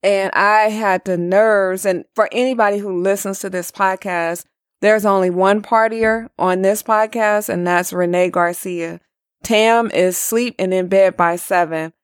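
A woman's voice: medium pitch, steady tone, a little slow, clean tone, no room sound, studio quality. A woman hosting a podcast, chatting casually about her weekend and then recapping race results. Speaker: podcast host.

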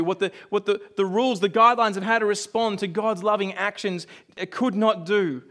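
Male pastor, high voice, chatty sermon delivery with asides and hushed drops. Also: steady tone. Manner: conversational storytelling with asides and quick dips to a hush.

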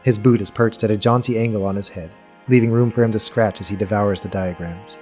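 A man narrating a tabletop game as game master, in slow, descriptive storytelling. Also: on the low side, fairly even intonation, a little mellow, soft background music.

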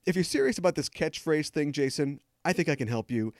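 A man's voice: on the high side, expressive, brisk, dry recording. A man hosting a podcast, delivering scripted news commentary with sarcastic, joking asides into a close studio mic. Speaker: podcast host.

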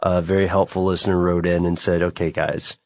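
A man's voice: low voice, flat delivery, fairly quick, a little mellow, no echo. A man co-hosting a podcast in casual chat, joking with his co-host.

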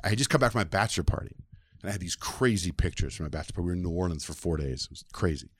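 Man in his fifties, deep voice, rapid animated storyteller, dry close sound. Southwestern US. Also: breathy edge, no room sound. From southwestern United States. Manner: animated, acts out quoted voices. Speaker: interview guest, radio personality. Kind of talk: conversational storytelling.

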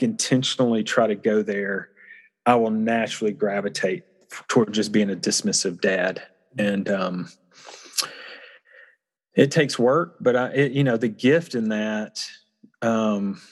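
In casual conversation, a man tells a personal story in a reflective, earnest way, often restarting his sentences. His voice sits on the low side with a darkish tone, and the recording carries a long hall reverb.

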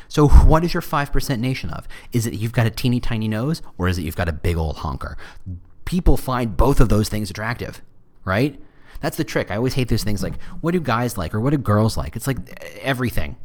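Male podcast host, lively pitch, joking and self-deprecating, casual advice monologue.

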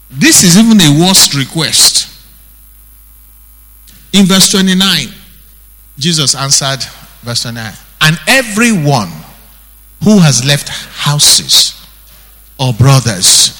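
A male pastor with a Nigerian accent, preaching an animated sermon that acts out the scriptures he quotes. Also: a little high, slow, pauses often. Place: church hall. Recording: breathy voice in long hall reverb.

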